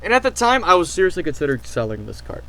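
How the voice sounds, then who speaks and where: A man casually telling stories to camera, excitable and rambling, with lots of fillers and restarts. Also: high voice, racing, rough recording. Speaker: channel host.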